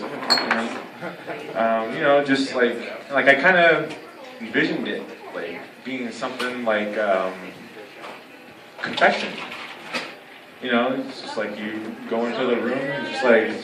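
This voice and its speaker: A man's voice: medium pitch, animated, a crowd in the background. Young man rambling through stand-up. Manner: rambling, halting delivery full of "like" and "you know". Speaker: stand-up comedian. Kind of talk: stand-up comedy set. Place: comedy club stage. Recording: echoey room, heard from a distance. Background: audience laughter.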